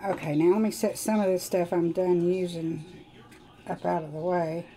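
A woman's voice: fairly low pitch, fairly even intonation, normal speed, dark tone, faint music behind, poor audio. A woman with a Southern country twang, chatting casually with viewers while she does her nails on a live stream. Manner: chatty, rambling, talks to viewers while working. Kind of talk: casual live demo chat.

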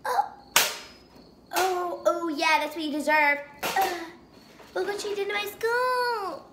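A woman's voice: very high voice, slow pace. A young girl playing out silly doll skits, switching dramatically between bratty voices. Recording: noisy home recording.

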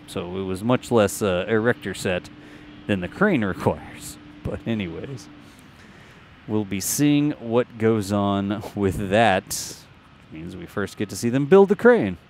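A man's voice: on the low side, slight background noise. A man hosting a show, narrating launch site footage in a casual, jokey, think-aloud voice-over.

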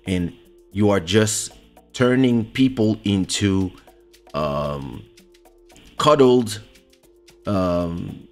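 Low-voiced man hosting a ranting chat. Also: extremely slow, long pauses, soft background music. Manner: animated, ranting. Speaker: host. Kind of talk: casual livestream chat. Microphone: studio microphone.

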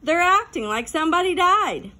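A woman's voice: very high voice, sing-song, moderate pace, bright, forceful tone, voice pushed up, full character voice. A woman reading an audiobook, voicing a cheeky fifth-grade boy who jokes his way through trouble. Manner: cheeky and playful.

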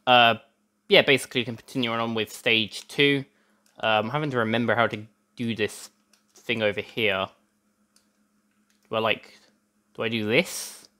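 A man's voice: mid-range voice, fairly even intonation, unhurried, long pauses, sharp tone. A young man hosting a let's play, chatting through gameplay in a rambling way with lots of restarts, hot and a little out of breath. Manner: chatty, rambling, self-interrupting with many restarts. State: hot and sweaty, a bit out of breath. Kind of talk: gameplay commentary.

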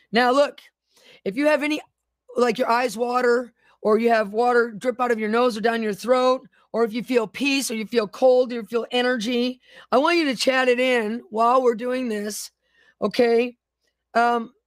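Woman preacher, high voice, fervent charismatic delivery, dry close-miked sound. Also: no echo. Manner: fervent, declaring prayers, reading viewer comments aloud. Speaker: preacher hosting a live online ministry stream. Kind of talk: charismatic prayer and sermon.

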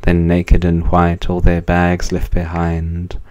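Male poetry reader: very low, flat delivery, dark mellow tone, solemn. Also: slow, dull audio. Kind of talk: slow, measured poetry recitation.

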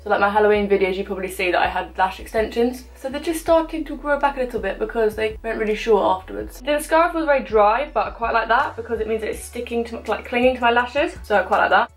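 Chatty woman in her twenties, fairly high voice. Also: lively intonation, fast talker, hardly any pauses. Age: 20s. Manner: chatty, self-mocking, talks while applying makeup. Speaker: beauty vlogger. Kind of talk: casual makeup tutorial chat.

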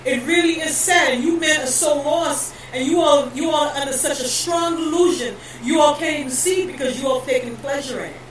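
A high-pitched woman delivers a fervent, preachy monologue, peppering it with fillers and breaking into shouts. She sounds set back from the mic in a roomy, echoing space. A faint hum of noise sits behind her. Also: fairly quick, few pauses. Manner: preachy and emphatic, heavy "you know" fillers, rising to shouts. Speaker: vlogger. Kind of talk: impassioned religious monologue to camera. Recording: echoey room, voice from a distance, faint background noise.

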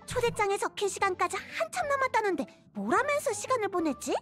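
A woman's voice: extremely high pitch, sing-song, very fast. Chirpy, bubbly game girl over music. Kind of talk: game voice acting.

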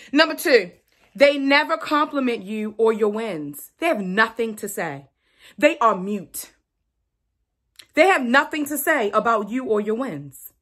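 A young adult woman vlogger talks casually to camera. Her voice sits high and sounds bright and forward. She is chatty and playful and repeats her words to the viewers.

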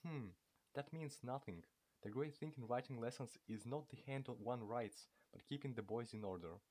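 A man's voice: mid-range voice, moderate pace, a little mellow, lightly acted. A man reading aloud and voicing a boastful young male writing master with a self-assured manner.

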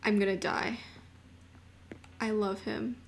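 A young woman streaming a video game, chatting casually and gushing excitedly, dropping to murmurs and rising to squeals. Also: medium pitch, slow pace, vocal fry, slight background noise. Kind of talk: casual live-stream chat while gaming.

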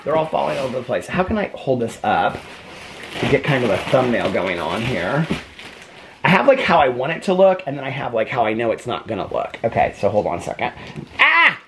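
A middle-aged man chats to camera from his bedroom, rambling and cheerfully correcting himself as he goes. His voice swings up and down in a lively way, and he laughs easily between sentences. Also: mid-range voice. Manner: chatty, rambling, self-correcting, laughing often. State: out of breath. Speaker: vlogger. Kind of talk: casual chat to camera. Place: home bedroom.

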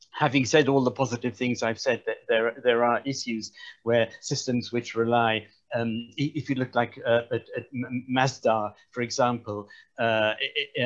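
A man speaking on a webinar panel over a video call, halting, with many false starts and repeated words. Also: mid-range voice, dull audio.

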